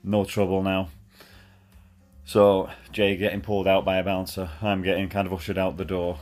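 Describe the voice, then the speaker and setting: A man's voice: low voice, flat delivery, normal speed, darkish tone, faint music behind. A man, telling a chatty, laddish story in a voice message, full of fillers. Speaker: caller sending a voice message.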